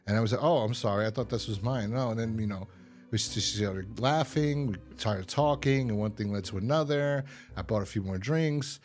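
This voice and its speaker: Low-voiced rambling man chatting. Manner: rambling storyteller who laughs often. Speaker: podcast co-host. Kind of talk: casual review chat.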